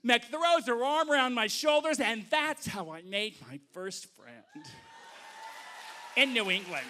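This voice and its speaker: A man telling a comic story live on stage to an audience, animated and acting out voices. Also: extremely high pitch, measured pace, a faint crowd, slight background noise.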